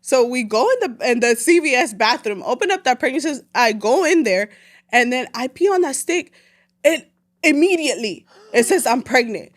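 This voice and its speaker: A woman in her late twenties from El Salvador, telling a personal story as a podcast guest in an animated, slangy way, slipping Spanish phrases into her English. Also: high voice, moderate pace. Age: late 20s. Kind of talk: casual storytelling chat.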